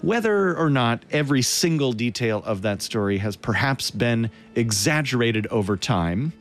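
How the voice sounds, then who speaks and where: A man presenting a classical music broadcast, telling the story in a measured way. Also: medium pitch, expressive. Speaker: radio concert host.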